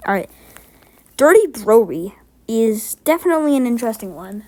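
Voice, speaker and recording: A woman with a fairly high voice talks through a tier list of game characters in a loose, rambling way, often correcting herself mid-sentence. She sounds slightly sick and short of breath. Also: big pitch swings, normal speed, darkish tone. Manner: rambling, chatty, self-correcting. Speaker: gamer ranking characters. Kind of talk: casual tier-list commentary.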